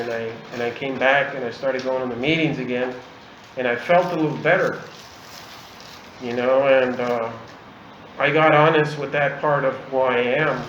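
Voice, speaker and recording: A man's voice: medium pitch, slight background noise. A middle-aged man from Southern California telling his recovery story at a meeting, in a loose conversational way full of "you know" and "man". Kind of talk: personal testimony. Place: meeting room. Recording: roomy, dull meeting-room recording.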